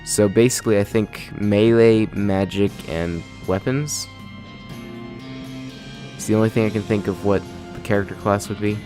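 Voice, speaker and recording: Young male let's player, lowish voice, hesitant and casual, drifts into a joking cowboy drawl. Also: normal speed, dark tone, soft background music. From the American West. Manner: casual, hesitant, with many ums; reads game text aloud, sometimes in a put-on cowboy drawl. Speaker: gamer. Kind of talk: let's play commentary.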